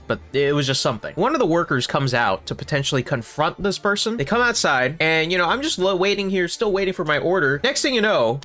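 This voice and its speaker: Animated man telling a storytime vlog. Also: on the high side. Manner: animated, expressive storytelling with swearing and laughter. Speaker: streamer and video creator. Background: faint background music.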